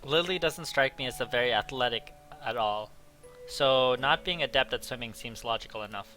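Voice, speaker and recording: A young man reads visual novel narration aloud in a casual let's play manner. His voice is bright and forward at a middle pitch. Faint background music plays under him. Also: moderate pace. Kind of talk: casual game read-along narration.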